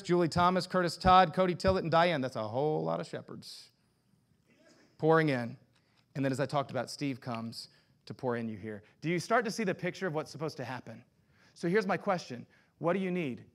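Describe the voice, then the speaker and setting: Man, pastor, sermon, rapid delivery, slightly high voice, rhetorical questions to the congregation. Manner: energetic, conversational preaching with rhetorical questions. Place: church sanctuary.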